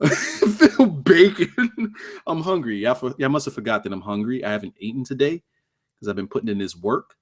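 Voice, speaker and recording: A man's voice: on the low side, fast. A man hosting a casual livestream review of a wrestling show, cursing freely, laughing often and joking with his chat.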